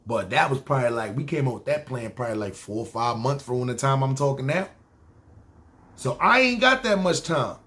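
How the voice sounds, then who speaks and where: A man with a New York accent telling his own story casually on a podcast, slangy and animated. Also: mid-range voice, brisk. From New York City.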